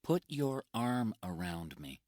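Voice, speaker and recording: Man voicing a calm young hero in a storybook, firm and reassuring, slow and deliberate delivery. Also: lowish voice, no room sound, pitched above the performer's own voice. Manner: urgent, reassuring. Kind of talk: storybook reading.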